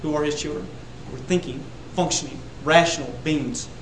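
A man preaching a sermon to a congregation, building to loud emphatic peaks on repeated words. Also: a little high, fairly even intonation, fairly quick, roomy sound, slight background noise, rough recording. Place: church sanctuary.

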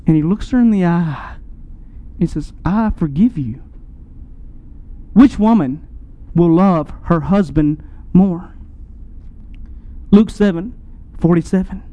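High-voiced earnest male preacher. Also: mellow, rough recording. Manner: earnest, rises and drops sharply for emphasis. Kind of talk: sermon.

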